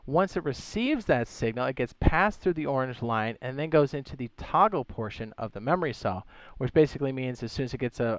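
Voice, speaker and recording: A man's voice: medium pitch, expressive, fairly quick, few pauses, dry recording. Chatty man explaining game mechanics. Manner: chatty, explains step by step while reading chat questions aloud; playful asides and goofy sound effects. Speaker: game streamer. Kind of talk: casual live-stream game tutorial.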